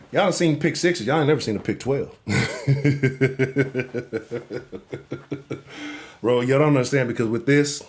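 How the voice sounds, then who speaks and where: A man hosting a live sports talk show, ranting in a profane, animated way and swinging between loud outbursts and low mutters. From Houston.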